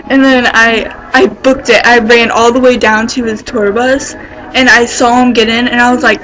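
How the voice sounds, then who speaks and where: A woman telling a story in a casual vlog, rambling and excitable, filling her pauses with "like" and swearing casually as she gets worked up. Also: on the high side, poor audio. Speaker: vlogger.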